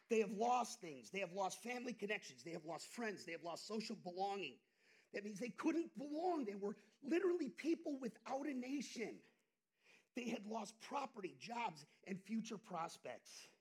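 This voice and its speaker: A male pastor preaching an impassioned sermon, dropping to hushed asides and rising to loud outbursts. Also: high-pitched, big pitch swings, moderate pace, breathy edge.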